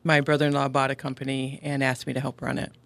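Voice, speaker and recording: Gravelly middle-aged woman, podcast guest. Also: a bass voice, level tone, quick pace. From upstate New York. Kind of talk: casual interview conversation.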